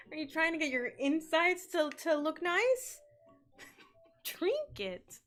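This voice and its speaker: A woman's voice: high-pitched, a bit bright. A young woman streaming a co-working session, chatting casually and giggling often as she reads and answers chat.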